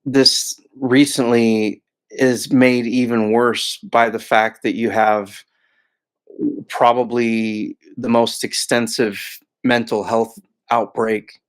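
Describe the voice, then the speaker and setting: A man speaking as a podcast guest in casual chat, measured and hedging, with repeated filler words. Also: mid-range voice, level tone.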